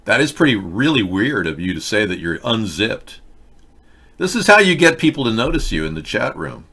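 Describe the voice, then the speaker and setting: Man, show host, political commentary, wry, rambling, low bright voice. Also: very animated, breathy edge. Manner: rambling, wry, halting restarts.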